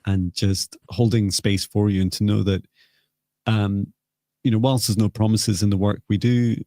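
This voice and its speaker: A man hosting a live psychic healing session, speaking softly and hesitantly with many pauses. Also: on the low side, level tone, dry recording, studio quality. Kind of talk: slow, gentle guided healing talk.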